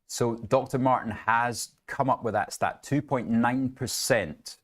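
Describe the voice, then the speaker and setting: A man's voice: mid-range voice, fairly even intonation, a little slow. A middle-aged man co-hosting a live trading show, conversational with jokey asides. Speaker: co-host. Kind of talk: live market commentary.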